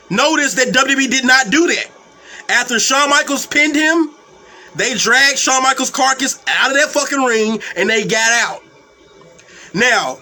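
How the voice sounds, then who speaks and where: A man's voice: very high voice, bright, forceful tone. A young man hosting a wrestling talk stream, ranting angrily with a lot of cursing and repeated, stumbling words. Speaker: wrestling commentary host. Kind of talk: profane live-stream rant.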